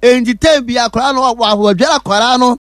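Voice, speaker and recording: A man's voice: extremely high pitch, fast talker, dry recording, clean studio sound. A man with a Ghanaian accent, speaking as a pastor who gives testimony and church announcements in an emphatic, repetitive, preacherly way.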